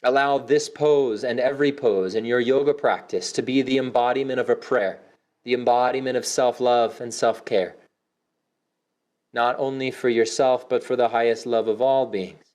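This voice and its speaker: A man's voice: medium pitch, fairly even intonation. Man guiding a soothing yoga class. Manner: slow, soothing cues with audible sighs; drops to a soft whisper for affirmations. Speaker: yoga instructor. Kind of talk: guided yoga class instruction.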